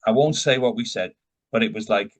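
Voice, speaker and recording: An older man, a rock vocalist, tells long, rambling anecdotes as a guest in a casual storytelling interview, often restarting and going off on tangents. His voice is on the low side, fairly quick, with lively intonation.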